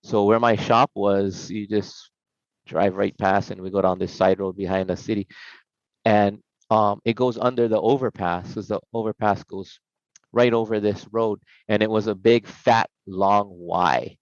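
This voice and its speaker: A man's voice: on the low side, a little slow, no echo. A middle-aged man tells stories casually as a podcast guest, acting out the voices he quotes. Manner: animated, acts out quoted voices. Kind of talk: casual storytelling. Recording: slightly dull, dry podcast sound.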